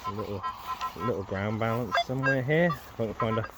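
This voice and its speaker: This man speaks fast in a fairly low voice, and the recording is very noisy. He's casually setting up and using a metal detector out in an open farm field, rambling hesitantly with many ums and corrections along the way.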